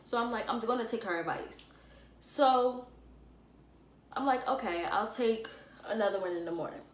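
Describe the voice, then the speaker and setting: A woman's voice: a little high, normal speed. Chatty young woman telling a storytime. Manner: animated, dramatic storytelling with lots of fillers. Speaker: vlogger. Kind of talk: casual storytime vlog. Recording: echoey room with faint ambient noise.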